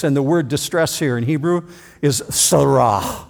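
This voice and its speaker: A man preaching an expository sermon, reading scripture dramatically and slowing down to stress key phrases. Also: on the high side, darkish tone.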